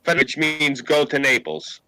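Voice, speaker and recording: A man with a New York accent, telling profane, animated stories in a casual chat. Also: medium pitch, slow pace, no room sound, low-quality recording. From Queens, New York.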